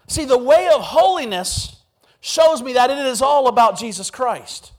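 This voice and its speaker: A man with a high-pitched voice delivers a sermon. He tells funny stories and acts out quotes in an animated way before turning serious. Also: normal speed. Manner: humorous, animated preaching with acted quotes. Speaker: pastor.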